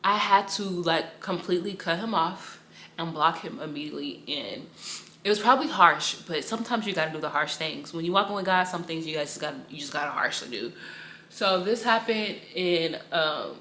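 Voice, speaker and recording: A woman's voice: lowish voice, expressive, moderate pace, bright, forceful tone, reverberant, a little hiss or hum. Young woman rambling through a faith testimony. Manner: casual, rambling storytelling with slang and repetition. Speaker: Bible study teacher.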